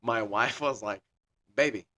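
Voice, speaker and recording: In casual podcast chat, a young man who co-hosts the show rambles through a long story peppered with swearing. He speaks a little slowly, with a medium-pitched voice that sounds pushed and bright.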